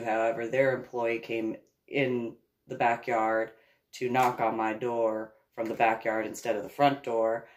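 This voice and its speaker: A woman casually telling a long personal story in a rambling, animated way, with laughs and restarts along the way. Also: extremely low pitch.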